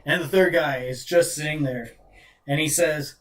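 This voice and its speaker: A man's voice: on the high side, normal speed. A man hosting a casual live stream, mixing play-by-play with chatty jokes and stories.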